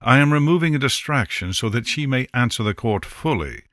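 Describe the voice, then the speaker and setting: A man's voice: medium pitch, animated, brisk, a bit bright, no room sound, clean studio sound, voice pushed up, lightly acted. A man voicing the crown prince of Hell, courteous and persuasive as he addresses a court.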